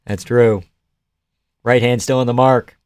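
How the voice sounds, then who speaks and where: A young man from Canada doing live fight reaction commentary as a stream host, excitable, swearing and chatting with viewers. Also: medium pitch, measured pace, clear, resonant tone, no echo, clean studio sound. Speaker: livestream host.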